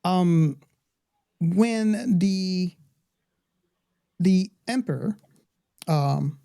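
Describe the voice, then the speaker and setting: A man's voice: high-pitched, animated, drawn-out words, gravelly, mellow, no echo, studio quality. A man in casual podcast chat, speaking hesitantly with many fillers. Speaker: podcast co-host.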